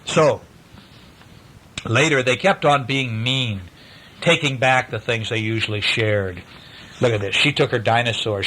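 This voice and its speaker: A father reading a picture book aloud to his young children, playful and animated, stopping to ask them questions. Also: medium pitch, slight background noise, rough recording.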